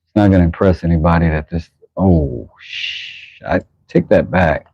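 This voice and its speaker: A man's voice: low-pitched, moderate pace, gravelly, slightly rough, dry recording, lo-fi sound. A man hosting a livestream from his workshop, chatting casually with viewers and reacting aloud as he works. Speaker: livestream host and knifemaker. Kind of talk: casual livestream chat while working.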